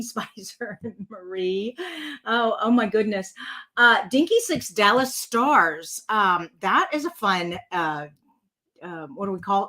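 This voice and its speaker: A middle-aged woman with a drawl chats her way through a live card-making stream. She rambles, fills pauses with ums and uhs, and talks straight to her viewers as she goes. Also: medium pitch. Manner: chatty, warm to viewers, rambling with many fillers. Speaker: card-making channel host. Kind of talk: casual live-stream chat.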